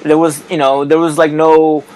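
Guy rambling casual podcast talk, swears a lot, kinda high voice. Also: level tone, normal speed, a little mellow, slight background noise, low-quality recording. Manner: rambling, swears, many restarts. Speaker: wrestler guest.

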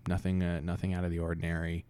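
Low-voiced man rambling a story. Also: monotone, dark tone. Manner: halting, rambling, full of restarts. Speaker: podcast co-host, storyteller. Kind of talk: casual improvised storytelling chat.

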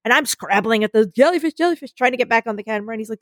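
A young woman in casual conversation, telling a story with lively acted-out voices and the odd swear word. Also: a little high, very fast, few pauses, dry recording, studio quality. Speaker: co-host.

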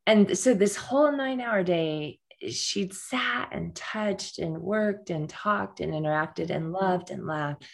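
Gravelly-voiced earnest woman storyteller. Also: mid-range voice, takes it slowly. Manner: earnest, frequent restarts and repetitions. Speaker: guest. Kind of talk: personal storytelling in conversation.

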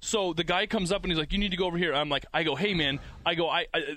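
A man telling a dramatic personal story in casual conversation, acting out the quotes in an animated way. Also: a little high, quick pace. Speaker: guest telling a birth story.

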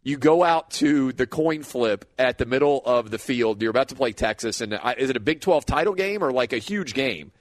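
A man's voice: medium pitch, animated, normal speed, few pauses, dry recording. A man hosting an interview, asking leading questions with enthusiasm. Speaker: interview host. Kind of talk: conversational interview.

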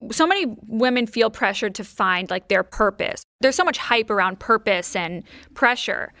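A woman's voice: a little high, expressive, normal speed, few pauses, pushed and bright, no echo, faint music behind. Woman host, reflective and encouraging, dry close sound. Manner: affirming and reflective, lots of agreeing murmurs. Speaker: podcast host. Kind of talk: casual interview chat.

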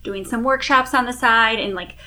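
A woman's voice: on the high side, normal speed, sharp tone. A woman, likely in her thirties, chatting casually as a guest with many fillers and easy laughs. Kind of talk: casual chat.

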